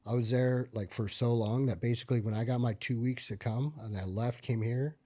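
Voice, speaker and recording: A man of middle pitch tells his war stories as a podcast guest, loose and conversational. He swears freely and leans on fillers. When he relives the tense parts he gets louder and more animated. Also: a little fast. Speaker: podcast guest, military veteran. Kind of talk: casual conversational storytelling.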